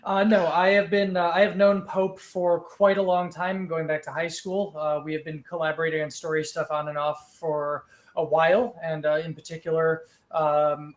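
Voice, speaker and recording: Male guest, slightly high voice, nervous, halting delivery. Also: level tone. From Chicago area. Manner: a bit nervous, halting with many ums. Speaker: guest player. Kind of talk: casual livestream introduction.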